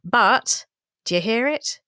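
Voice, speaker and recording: A woman co-hosting a history podcast, telling stories in a playful, teasing, animated way. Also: a little high, takes it slowly, smooth, dry recording, clean studio sound. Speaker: podcast co-host. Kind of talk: casual history chat.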